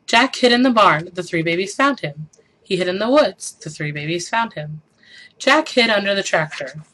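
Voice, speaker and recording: A woman reading a children's picture book aloud with animated, expressive storytelling, then posing questions for students. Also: medium pitch, moderate pace, a little hiss or hum, poor audio. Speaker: storybook reader.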